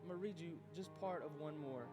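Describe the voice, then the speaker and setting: A man preaching a youth sermon as youth pastor, animated, acting out his own doubts aloud. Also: a little high, brisk, over music.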